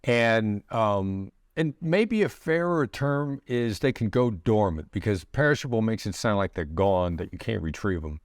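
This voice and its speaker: A middle-aged man, a negotiation expert guest in an interview, explaining his ideas in a measured way with pauses and restarts. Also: lowish voice, lively intonation, dry recording, studio quality. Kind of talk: conversational interview answers.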